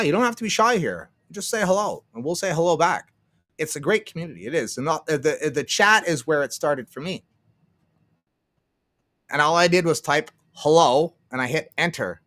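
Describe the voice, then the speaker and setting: A Canadian man hosts a casual livestream, his fairly high, fairly bright voice captured with no echo. He rambles and swears, laughs often, and acts out what other people said.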